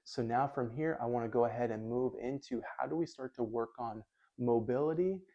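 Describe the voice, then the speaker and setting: A man explaining his work as a physical therapist in a calm, methodical lesson, thinking aloud as he goes. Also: medium pitch, a little fast, lo-fi sound.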